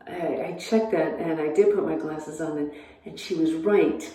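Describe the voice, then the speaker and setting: A middle-aged woman doing a stand-up comedy set, chatty and rambling, acting out text messages in a higher voice. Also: normal speed, warm tone, recorded from a distance. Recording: echoey room away from the mic.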